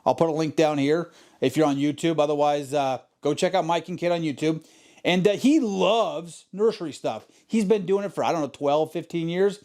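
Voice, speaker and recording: A man hosts his own podcast, delivering an emphatic, profanity-laced motivational monologue that keeps circling back to the same points. His voice is fairly high and a little mellow, at a moderate pace.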